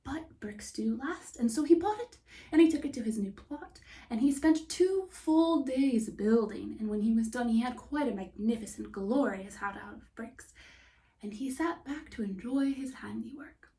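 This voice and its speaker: A woman telling a fairy tale in a hushed, often whispering, unhurried voice. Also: on the high side, recorded from a distance. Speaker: storyteller. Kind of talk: soft whispered storytelling.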